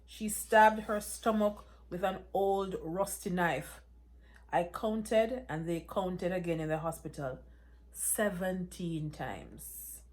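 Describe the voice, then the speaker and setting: A woman reading aloud voices a grieving man who haltingly tells terrible news. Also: on the low side, a little mellow. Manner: halting, heavy with pain. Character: grieving man breaking bad news, sobbing.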